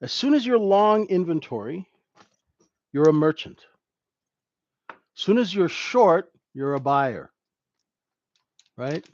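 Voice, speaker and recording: A man's voice: on the high side, big pitch swings, takes it slowly, pauses often, darkish tone, no room sound, lo-fi sound. A man teaching a live trading class in a conversational way, who keeps checking in with "right?". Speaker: trading instructor.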